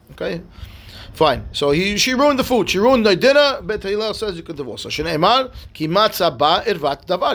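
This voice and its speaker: A man's voice: high voice, a bit bright. A man, a rabbi teaching a daily Talmud class, reads Hebrew and Aramaic text and explains it in conversational English, often checking in with "right?" and "okay?".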